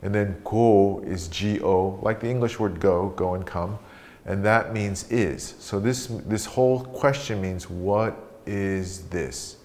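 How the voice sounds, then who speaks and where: A man leading a guided meditation, speaking slowly and calmly as he teaches breathing and a question practice. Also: fairly low pitch. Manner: slow, calm guiding voice.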